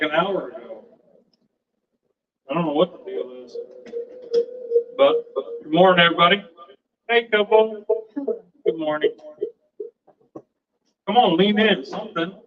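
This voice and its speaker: A man's voice: high voice, a little slow, long pauses, slight background noise. Rambling man chatting on a livestream. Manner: rambling, chatty, talks to viewers and family. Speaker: livestream host and home cook. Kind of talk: casual livestream chat. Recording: dull, distant mic.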